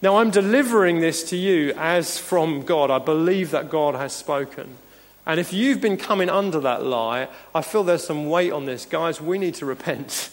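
A man's voice: a little high, normal speed. A man preaching a sermon as pastor, earnest and emphatic, chuckling now and then between points. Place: church hall. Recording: long reverb of a church hall.

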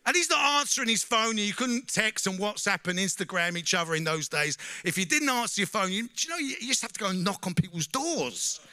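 A middle-aged man giving a personal testimony to a church audience, a lively storyteller who keeps asking the crowd questions and saying "you know?". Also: high voice, quick pace, hardly any pauses, no echo.

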